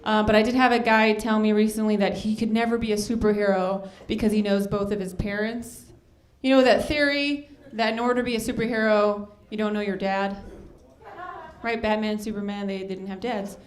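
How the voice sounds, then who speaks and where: A woman performing a stand-up comedy set with a deadpan delivery, acting out dialogue in other voices. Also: mid-range voice, fairly quick. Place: comedy club stage with a crowd. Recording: echoey club with audience.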